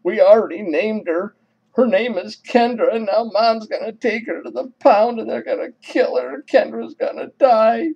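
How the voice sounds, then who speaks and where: A sobbing, pitched-up little girl voiced by a man in a spoken story. Her voice rises high and strained with distress. The recording is dull and lo-fi. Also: moderate pace, creaky, breathy edge, exaggerated voice. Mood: tearful. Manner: wailing, upset. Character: young girl, tearful and distraught.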